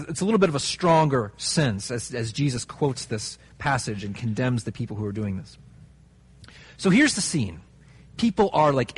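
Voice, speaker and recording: A man preaching a sermon in a conversational, animated way, with fillers and asides. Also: medium pitch, breathy edge. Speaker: pastor.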